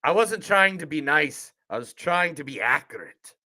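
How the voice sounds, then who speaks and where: A man's voice: fairly high pitch, lively intonation, moderate pace, bright, forceful tone. A man reading film quotes in a put-on Irish accent, voicing blunt, sweary rural villagers. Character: gruff rural Irish villagers, men and women.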